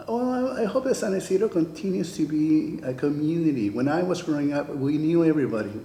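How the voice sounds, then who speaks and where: A man's voice: fairly high pitch, lively intonation, fairly quick, vocal fry, mellow, echoey room. An older man, a retired teacher, telling his memories in an oral history interview, acting out the dialogue he recalls. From California. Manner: storytelling, acts out quoted dialogue.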